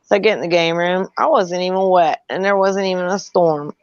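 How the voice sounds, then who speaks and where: A middle-aged woman with a fairly low voice tells an animated, profane story in casual chat, laughing as she goes. The recording is dry and close, with a slightly dull, lo-fi sound. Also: a little fast, no room sound.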